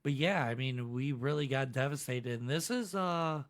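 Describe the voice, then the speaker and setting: A man's voice: mid-range voice, normal speed. A young man hosts a casual podcast chat in a laid-back way, at times reading news reports aloud. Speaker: podcast host.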